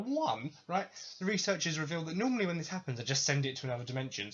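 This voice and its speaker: A man rants sarcastically and swears freely. His voice is bright and a bit husky, and it jumps around with animated pitch. It sounds dull and lo-fi. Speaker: podcast host. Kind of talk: ranting video game commentary. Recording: dull lo-fi recording.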